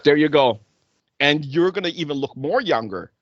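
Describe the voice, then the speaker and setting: A man with a fairly high voice hosts a casual talk show, speaking at normal speed. He tells stories animatedly, acting out the exchanges he quotes, and the recording sounds dull, lo-fi, and dry.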